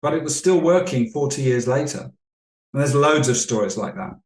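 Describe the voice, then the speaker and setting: Man, measured coaching guest. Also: medium pitch, expressive, darkish tone, roomy sound. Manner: measured, explanatory, anecdotal. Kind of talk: podcast interview storytelling.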